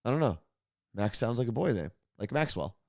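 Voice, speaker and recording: A man's voice: medium pitch, very animated, brisk, vocal fry, dry recording, studio quality. Man, co-host; mid-range voice, teasing, easygoing banter. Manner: teasing, reads chat comments, laughs often. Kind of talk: casual chat.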